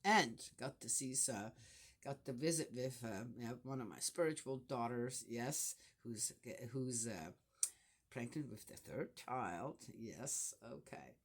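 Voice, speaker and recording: This grandmother vlogger has a rumbling low voice that's animated and a little slow. Her talk is a loose spiritual reflection on faith and family, full of filler words and false starts.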